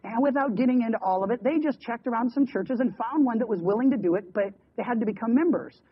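A man preaching a sermon, telling a story with quick asides and repeated words. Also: very high-pitched, breathy edge. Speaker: pastor. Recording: dull lo-fi radio broadcast.

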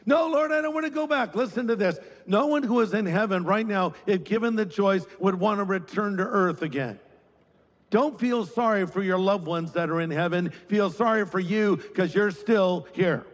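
A male pastor with a fairly high voice delivers a sermon in a relaxed, joking, storytelling manner. He talks to the congregation as if in conversation, and his words ring out with long reverb through a large hall. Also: moderate pace.

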